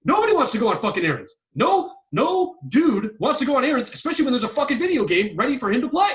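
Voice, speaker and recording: On a relationship advice podcast, a male host rants bluntly and emphatically, swearing constantly and repeating his points. His voice is extremely high, very animated, fairly bright and fast with hardly any pauses, and it's recorded from a distance.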